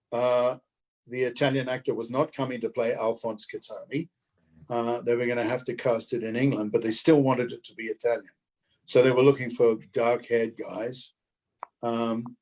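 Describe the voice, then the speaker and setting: A man in his seventies with an Australian accent, a guest actor telling anecdotes in a lively way. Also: mid-range voice. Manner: lively, acts out other people's lines in quotes. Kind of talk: anecdotal storytelling.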